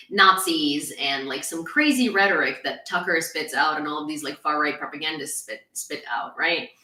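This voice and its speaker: A woman's voice: medium pitch, bright, forceful tone, reverberant, far from the mic, rough recording. A woman from Ukraine hosting a casual news livestream, talking bluntly and sarcastically and answering chat comments. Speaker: independent news streamer.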